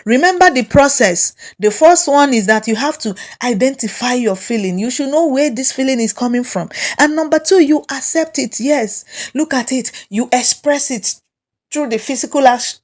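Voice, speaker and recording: A woman with a Nigerian English accent giving a slow, repetitive self-help lesson, coaching listeners through their feelings. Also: high-pitched.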